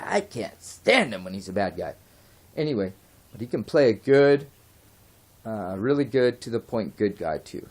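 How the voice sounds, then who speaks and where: A man delivering an unscripted opinion rant as a vlogger, heated and rambling, swearing at times and drifting off track. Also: mid-range voice. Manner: swears and apologizes.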